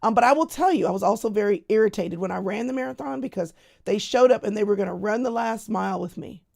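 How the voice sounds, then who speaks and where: A woman's voice: mid-range voice, fast talker, vocal fry, a little mellow. A middle-aged woman speaking as a Christian speaker, chatting casually to camera and telling stories straight to her audience. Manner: chatty storytelling that talks straight to the audience as "y'all". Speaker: Christian speaker sharing a personal update.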